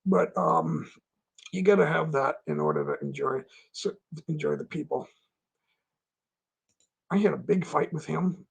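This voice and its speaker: A middle-aged man hosts a late-night livestream, rambling through stories and stopping to restart his sentences. His voice sits high for a man and is strongly gravelly, with a husky, rough edge. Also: measured pace, pauses often. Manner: rambling, with frequent restarts and laughter. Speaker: livestream host. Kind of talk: casual chat reading out viewer comments.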